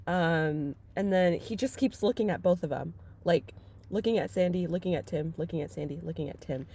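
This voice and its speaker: A young woman co-hosting a casual book chat podcast, animated and quick to laugh, often quoting the characters. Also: on the low side, breathy edge. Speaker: podcast co-host.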